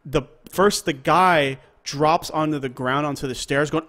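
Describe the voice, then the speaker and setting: A man co-hosting a podcast, retelling a story in a lively, emotional way with plenty of swearing. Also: a little high, moderate pace, hardly any pauses. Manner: animated storytelling, swears freely. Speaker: podcast co-host. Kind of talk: casual chat.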